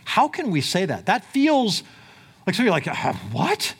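A man preaching a sermon in a conversational way, swinging between loud emphatic lines and quiet low ones. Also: very animated, moderate pace, slightly rough. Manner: conversational, with fillers like "like" and "right?". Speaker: pastor.

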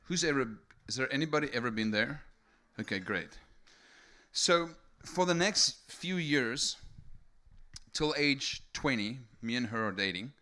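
Young man from South Africa, testimony sermon, bright forceful voice, keeps checking in with the crowd. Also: medium pitch, measured pace. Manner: energetic storytelling with many rhetorical "right?" tags. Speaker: speaker giving testimony. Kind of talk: sermon testimony to a live audience.

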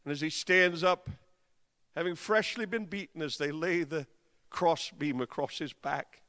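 A man preaching a dramatic sermon, swinging from hushed passages to impassioned cries. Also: a little high, measured pace, big-room sound.

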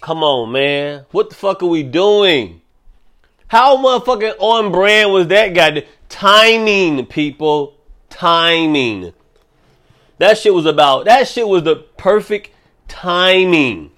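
A young man rants alone on his podcast, cursing freely and winding himself up. His voice sits a little high for a man. He jumps between muttering asides and loud, animated bursts. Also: takes it slowly. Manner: profane, animated ranting with mock voices. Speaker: podcast host. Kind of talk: solo ranting podcast.

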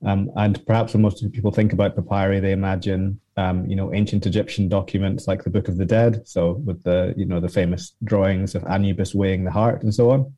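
A man answering as an academic guest in an interview, explaining at length with frequent pauses and restarts. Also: low voice, steady tone, mellow, no echo. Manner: explanatory, many ums and restarts.

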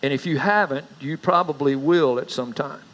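A middle-aged man with a drawl delivers a sermon, weaving in homespun stories with a folksy touch. His voice sits somewhat high for a man. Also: moderate pace, a bit bright, poor audio. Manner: folksy storyteller, rises in pitch for anecdotes. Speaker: pastor.

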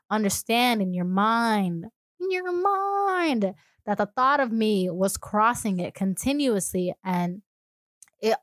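A woman with a mid-range voice, recorded in studio quality with no room sound, chats casually as a podcast co-host. She's playful, acting out little scenarios and slipping into a sultry voice.

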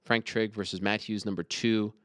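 A man's voice: lowish voice, fairly even intonation, moderate pace, fairly bright tone, no room sound, clean studio sound. A man in his thirties hosting an interview show, speaking earnestly to his guest and then announcing upcoming events. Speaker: host. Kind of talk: interview and show host talk.

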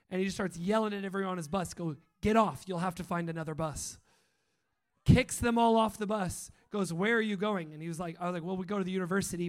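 A man preaching a sermon, telling personal stories in an animated way, acting out quotes and laughing often. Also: high voice.

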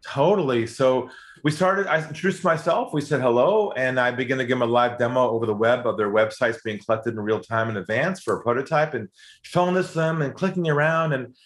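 Man, storyteller, animated and expressive, slips into quoted voices. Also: a little fast. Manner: lively, acts out quoted voices, rises in pitch when excited. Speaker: guest telling a sales story.

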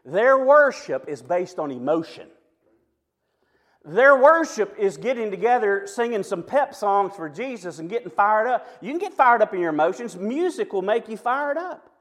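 Animated high-voiced preacher in his fifties. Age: 50s. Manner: animated, storytelling preacher with asides and quick jokes. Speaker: pastor. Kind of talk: sermon.

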